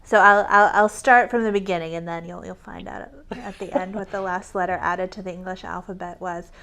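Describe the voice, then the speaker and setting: A woman's voice: lowish voice, steady tone, fairly quick, gravelly, sharp tone. A woman cohosting a casual chat show, chatty and correcting details with a laugh.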